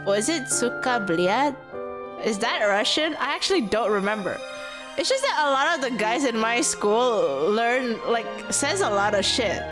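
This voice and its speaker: A woman streams a game with casual, excitable commentary. Her voice is high and her pitch leaps all over the place. She exclaims and laughs often, with faint game music underneath. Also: normal speed.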